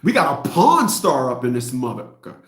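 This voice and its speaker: A man's voice: mid-range voice, very animated, a little fast, a bit bright, echoey room. A middle-aged man hosting a livestream rant, blunt and mocking, repeating himself. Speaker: host.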